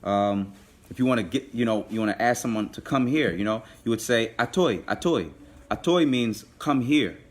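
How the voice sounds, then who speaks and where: A man teaching a live online language class, patiently repeating phrases slowly. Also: medium pitch, animated.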